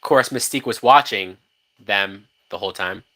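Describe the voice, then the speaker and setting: Animated, swearing man reacting to a film. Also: on the low side, normal speed. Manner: animated, profane, laughs often, many restarts. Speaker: movie reaction host. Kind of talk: casual live-watch movie commentary.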